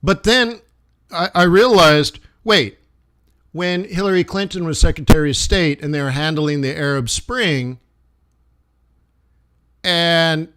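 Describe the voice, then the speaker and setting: Middle-aged male trader, fairly high voice, loose animated livestream talk. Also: slow, pauses often, clean tone. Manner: animated, rambling, restarts and acted asides. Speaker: forex trader streaming live. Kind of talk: casual livestream commentary.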